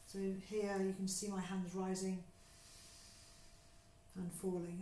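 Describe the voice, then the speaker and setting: Soothing woman guiding slow breathing. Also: medium pitch, little pitch movement, warm tone, slight background noise. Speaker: yoga teacher. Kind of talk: guided breathing instruction. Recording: echoey room with faint ambience.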